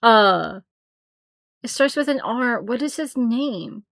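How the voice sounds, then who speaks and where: A woman's voice: a little high, lively intonation, slow pace, fairly bright tone, no echo. A woman streamer giving blunt, rambling reaction commentary, often laughing and cutting herself off. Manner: blunt, opinionated. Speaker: streamer reacting to game trailers.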